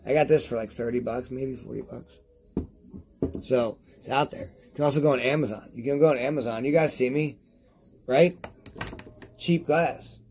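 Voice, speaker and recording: A man reviewing products on his vlog in a rambling, profane rant to camera while he is high, repeating himself as he talks. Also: moderate pace, long pauses, noisy background.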